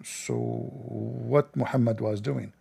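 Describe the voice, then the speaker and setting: A man's voice: mid-range voice, steady tone, slow pace, vocal fry, dark tone, breathy edge. A man hosting a livestream, talking in a sarcastic, mocking way. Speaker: livestream host.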